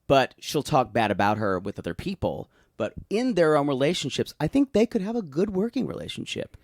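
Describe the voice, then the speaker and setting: With a higher voice and big pitch swings, a man co-hosts a podcast, rambling through a casual recap chat. He restarts often and tosses in quick impressions, and the recording is studio quality with no room sound.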